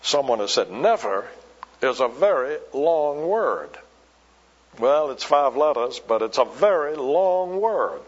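A man preaching a sermon, slow and emphatic, repeating key words for weight. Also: mid-range voice, very animated, long reverb tail. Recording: dull lo-fi recording.

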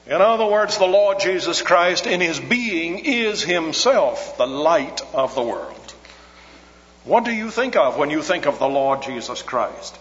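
A man's voice: fairly high pitch, very animated, fairly bright tone. Man preaching in a reverberant hall. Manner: measured, emphatic, slows to stress key words. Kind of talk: expository sermon. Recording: long hall reverb, dull lo-fi sound.

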